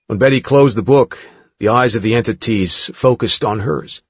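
A man narrating an audiobook in a measured, dramatic way. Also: mid-range voice, husky, no echo. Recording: dull dry studio recording.

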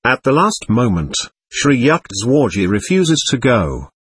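A man narrates a memoir in a measured, formal way, his voice slightly husky and recorded close and dry with no room sound. His pitch sits in an ordinary middle range for a man. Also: very animated, a bit bright, no room sound. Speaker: audiobook narrator. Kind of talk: scripted first-person narration.

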